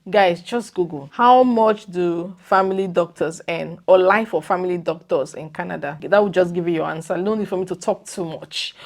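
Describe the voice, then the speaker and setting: A young woman vlogging casually to her viewers, animated and exclamatory, her voice leaping up when she makes a point. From lives in the UK. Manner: animated and exclamatory, leaps up in pitch when emphatic. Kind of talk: casual vlog chat.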